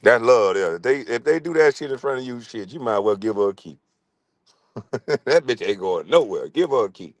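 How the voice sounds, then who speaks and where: Man, middle-aged, profane comic rant, lively swooping delivery, dry close mic. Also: mid-range voice, brisk, no echo. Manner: loud, crude, laughing often. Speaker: streamer.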